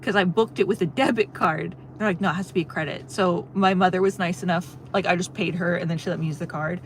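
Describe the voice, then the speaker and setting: A woman's voice: lowish voice, fairly even intonation, a little fast, a little hiss or hum. A young woman on a livestream, chatting casually, reading chat and telling a long story with frequent laughs. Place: in a car on a road trip.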